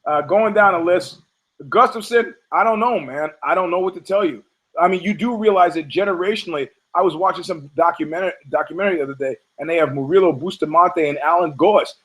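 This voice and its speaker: A man's voice: sits high, fast talker, poor audio. A man hosting a podcast, delivering a rambling, profane comedic monologue and acting out quoted characters in funny voices. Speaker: podcast host.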